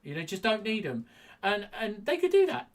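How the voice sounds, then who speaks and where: A man's voice: sits high, wildly swooping pitch, moderate pace. A man co-hosting a casual boxing podcast, chatty and rambling, with lots of restarts. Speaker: podcast co-host.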